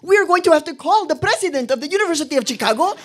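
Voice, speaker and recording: A woman's voice: very high voice, animated, very fast, pitched above the performer's own voice. A woman voicing her small, fierce mother, who speaks firmly, insistently and formally.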